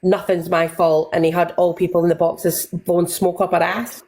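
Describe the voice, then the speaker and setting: A woman with a lowish, warm voice and little pitch movement recaps online drama as a livestream guest, on a low-quality recording. She rambles casually, swears freely, and acts out other people's lines in quick bursts.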